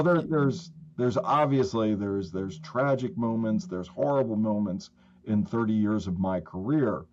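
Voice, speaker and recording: Deep-voiced man telling an emotional story. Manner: animated, halting, with frequent restarts. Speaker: trauma therapist guest. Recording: slightly dull lo-fi audio.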